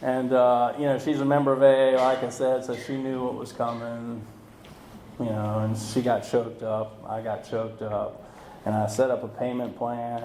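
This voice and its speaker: A man speaking at a recovery meeting, telling his story in a halting way, full of fillers and restarts. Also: mid-range voice, vocal fry, a little mellow, slight background noise. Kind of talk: personal recovery talk. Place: meeting room. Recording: echoey room recording.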